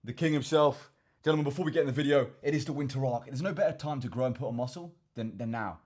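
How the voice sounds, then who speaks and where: Young English male fitness vlogger, rapid delivery, slightly husky voice, chatty rambling Q and A host. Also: medium pitch, darkish tone. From England. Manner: rambling, repeats words, addresses viewers as chaps. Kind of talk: casual Q and A to camera.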